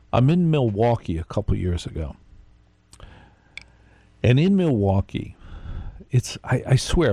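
A man's voice: fairly low pitch, warm tone, no echo. A man hosting a live late-night radio show, telling a rambling story and speaking straight to his listeners.

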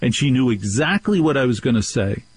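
A husky, mid-pitched man hosts a talk radio show. He tells stories in an animated way and does the voices of the people in them. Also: a little fast, no room sound, rough recording. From New Jersey. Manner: animated storytelling, acts out quoted voices.

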